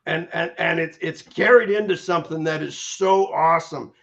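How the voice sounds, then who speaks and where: A middle-aged man speaks with energy and candor about surviving a stroke, his fairly high voice roughened by a gravelly fry. He often stumbles and repeats words as he gets going. The recording sounds dull and lo-fi. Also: moderate pace. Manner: energetic, repeats words when starting sentences. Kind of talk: candid interview talk. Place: in Los Angeles area. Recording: muffled lo-fi audio.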